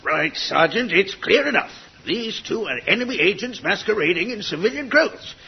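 An actor playing a blustering, suspicious army major in a comedy sketch, barking orders in a bombastic way. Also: male voice, sits high, animated, normal speed, gravelly, music in the background. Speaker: army major commanding an isolated gun site. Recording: dull lo-fi old recording.

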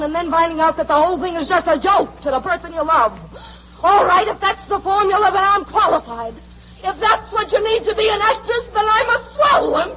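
Actress as a defiant young dancer who wants to act. Old radio play, light hiss. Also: female voice, high voice, darkish tone, close to an everyday voice. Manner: earnest, rising to bitter intensity. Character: young woman dancer hungry to act, proud and stubborn. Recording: dull old recording with faint hiss.

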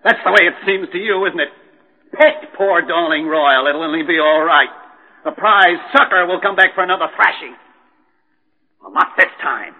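An actor playing a desperate, unhinged chemist who raves between bitter murmurs and shouts in an old radio drama. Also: male voice, high-pitched, moderate pace. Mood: despairing. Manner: raving, swinging from murmurs to shouts. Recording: tinny old broadcast with long reverb.

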